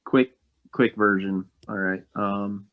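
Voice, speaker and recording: A man's voice: on the low side, steady tone, slow pace. A young man co-hosting a podcast, talking casually and hesitantly with many fillers. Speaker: podcast co-host. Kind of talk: casual chat. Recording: dull lo-fi sound.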